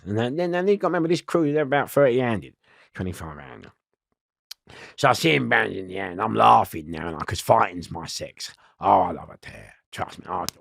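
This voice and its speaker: A loud man tells rambling stories in an interview. His voice is heavily gravelly, and his pitch swings widely. The sound is close and dry. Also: no room sound. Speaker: interview guest. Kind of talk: storytelling in a podcast interview.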